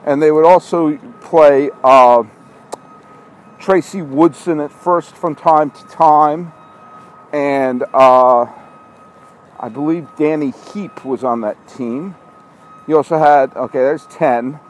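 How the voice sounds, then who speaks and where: A man's voice: a little high, slow, low-quality recording. A man hosting a walking monologue podcast from an outdoor parking lot at night, scolding himself in an exasperated ramble. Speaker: podcast host. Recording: outdoor street noise, truck backing up.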